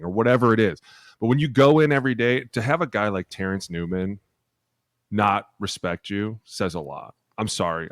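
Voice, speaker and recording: A lower-pitched American man talking loosely on a podcast, blunt and profane, spinning animated stories from his time in the league. The recording is dry and close, with no room sound around his voice. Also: no room sound. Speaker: podcast co-host, former NFL offensive lineman. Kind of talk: casual chat.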